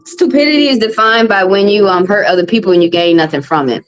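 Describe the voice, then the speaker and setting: A woman's voice: fast talker, hardly any pauses, soft background music, poor audio. A woman, a tarot reader hosting a live stream, venting bluntly and with plenty of swearing to her viewers. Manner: blunt and profane, vents with rising pitch.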